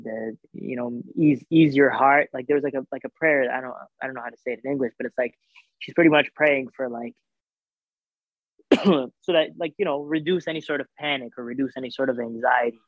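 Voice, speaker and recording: A man's voice: medium pitch, fairly quick. A man tells a personal story in a loose, chatty way, switching into the voices of the people in it and leaning on fillers as he goes. His voice comes through thin and tinny, like a phone line, with no room echo at all. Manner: animated retelling with reported dialogue, many fillers. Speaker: guest telling a personal story. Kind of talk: casual conversational storytelling. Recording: thin phone-like dry sound.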